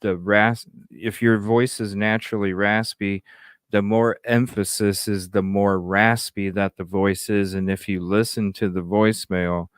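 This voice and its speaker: Male caller, slow unhurried delivery, smooth clear voice. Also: fairly low pitch, fairly even intonation, no echo, studio quality. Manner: slow, hesitant, talks with fillers. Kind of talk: casual call-in chat.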